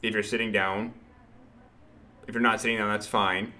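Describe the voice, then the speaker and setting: A man hosting a solo sales podcast, talking in an energetic, punchy way, repeating phrases and swearing casually. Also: on the low side, moderate pace.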